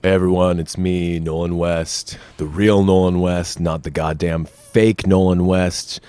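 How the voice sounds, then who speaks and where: A man's voice: little pitch movement, measured pace, warm tone, clean tone, no echo. A man voicing a furious, self-important guy who claims his identity was stolen, swearing and threatening in a comedic voicemail. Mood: enraged. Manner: profane, threatening rant with mocking falsetto asides.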